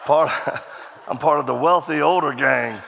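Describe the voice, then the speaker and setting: Animated man preaching in a reverberant hall. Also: on the high side, a little slow, vocal fry, noisy background. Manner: animated storyteller acting out dialogue, laughing often. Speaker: guest preacher. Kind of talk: storytelling sermon.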